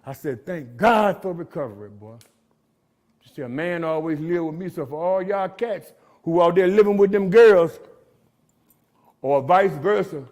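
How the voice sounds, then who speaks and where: Speaking in street slang and capping his lines with "man," a middle-aged man shares his recovery story as a motivational talk at a gathering in a jail. He has a high-pitched voice with a darkish tone.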